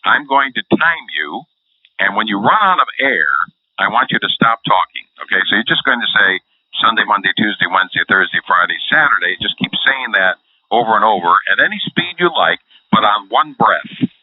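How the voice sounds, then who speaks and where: A man's voice: fairly low pitch, big pitch swings, brisk, no echo. A man working as a voice coach, explaining vocal care and breathing in an interview. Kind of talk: instructional interview. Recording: phone-like dry line.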